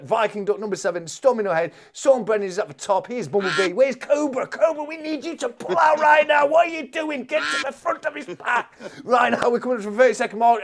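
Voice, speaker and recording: A man hosting a live stream, excitedly calling an online race and chatting with his guest. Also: extremely high pitch. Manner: excitable, shouting commentary.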